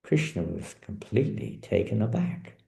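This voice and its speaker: Dark gravelly-voiced man telling a sermon story. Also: on the low side, normal speed, reverberant, poor audio. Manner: animated storyteller. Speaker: spiritual teacher. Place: in India.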